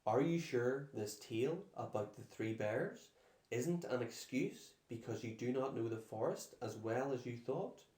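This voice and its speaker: A man's voice: medium pitch, lively intonation, unhurried, darkish tone, distant mic, close to an everyday voice. A man voicing a doubtful father questioning his daughter in a storybook reading. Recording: echoey room.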